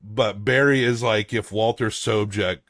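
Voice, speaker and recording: A man's voice: lowish voice, fairly even intonation, unhurried, fairly bright tone, no room sound. Male podcast host, loose and profane, in a dry, close-miked sound. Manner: rambling, swears, many restarts. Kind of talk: casual movie review chat.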